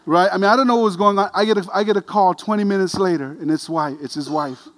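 A middle-aged man preaching, an animated, self-deprecating storyteller who grows quiet and earnest. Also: sits high, fast. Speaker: pastor. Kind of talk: sermon storytelling.

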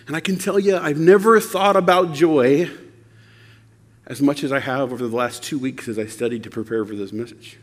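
Animated man preaching in a reverberant hall. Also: fairly high pitch, normal speed. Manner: animated, conversational, rhetorical questions. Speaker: pastor. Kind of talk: sermon.

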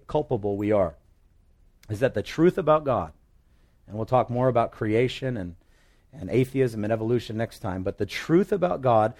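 A pastor preaching a conversational sermon full of vivid illustrations, swinging between loud emphatic phrases and quiet asides. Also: male voice, mid-range voice.

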